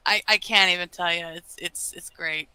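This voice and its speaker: A woman's voice: on the low side, steady tone, normal speed, bright, forceful tone, clean tone, dry recording, rough recording. A woman co-hosting a casual film chat, blunt and frank, swearing freely. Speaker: co-host. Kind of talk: casual movie review chat.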